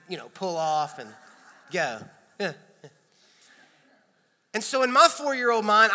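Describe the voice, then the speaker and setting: A man in his thirties delivers a sermon, spinning lively, self-mocking stories about his childhood. His voice sits a bit high with a bright, forceful edge. It rings out through the long reverb of a church hall. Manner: storytelling, animated, self-deprecating humor. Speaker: pastor. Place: church sanctuary.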